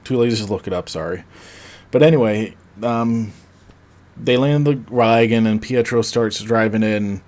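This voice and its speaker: A man's voice: fairly low pitch, normal speed, darkish tone. A man hosting a podcast, casually recapping a movie in a rambling way, with fillers and self-corrections. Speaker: podcast host.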